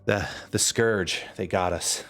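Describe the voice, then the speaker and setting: A man voicing an exhausted, frail male wizard who is out of breath and stammers haltingly. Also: sits low, fairly bright tone, faint music behind, heavily acted. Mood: shaken.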